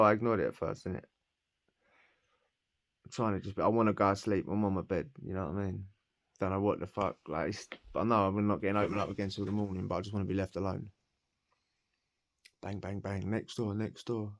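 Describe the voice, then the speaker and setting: A man's voice: deep voice, steady tone, fast. A man from Essex with an Essex accent telling a story casually, full of slang, swearing and laughter. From Essex, England. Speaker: podcast storyteller.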